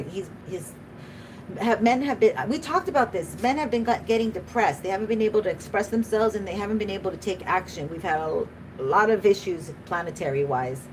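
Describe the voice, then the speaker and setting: A woman's voice: medium pitch, slight background noise, rough recording. Chatty emotional woman reading tarot. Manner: chatty, emotional, laughs often, speaks to spirit. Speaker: tarot reader.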